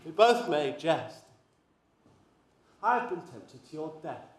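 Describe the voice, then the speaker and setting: A tormented young man, played by a man speaks his lines with earnest intensity in a live stage play. His voice sits a little high, and the hall adds a roomy echo. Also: sing-song, slow. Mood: brooding. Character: brooding young man torn by lust. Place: university theatre stage. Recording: echoey stage with faint noise.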